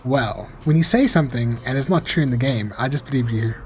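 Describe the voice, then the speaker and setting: Speaking briskly in a mid-range voice, a young streamer riffs on the game he's playing and answers chat, relaxed and self-deprecating. There's background noise, and faint music runs under his voice.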